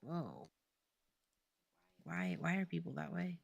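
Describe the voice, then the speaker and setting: Giggly, slow-talking woman co-host. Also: lowish voice, creaky, slightly rough. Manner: giggly, chatty, lots of "like". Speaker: co-host of game development stream. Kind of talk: casual chat.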